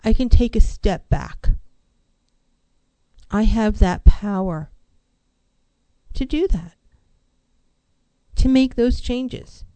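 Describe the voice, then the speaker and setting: A woman counselor speaks in a mellow, warm voice, recorded dry and close. She talks with emphasis, stacking rhetorical questions and repeating her key phrases to drive them home. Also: fairly high pitch, lively intonation, drawn-out words, pauses often, dry recording, low-quality recording. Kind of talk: motivational talk on mental health.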